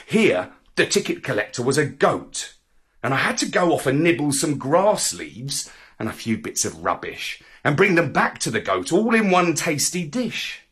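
A man reading a children's story aloud in the first person, with an expressive, swooping storybook delivery. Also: a little high, moderate pace, slightly rough.

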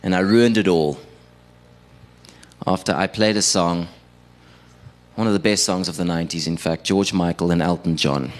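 Low-voiced South African stand-up comic. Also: male voice, moderate pace, pauses often. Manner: self-deprecating, conversational with the audience. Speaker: stand-up comedian and radio producer. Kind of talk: stand-up comedy set. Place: live stage performance.

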